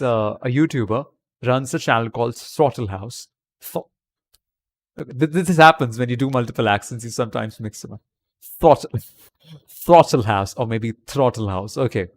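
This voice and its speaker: A man from India chatting on a livestream from his home webcam. He answers viewers' comments and talks English in a put-on British accent. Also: mid-range voice. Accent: British accent put on by an Indian speaker. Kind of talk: casual livestream chat.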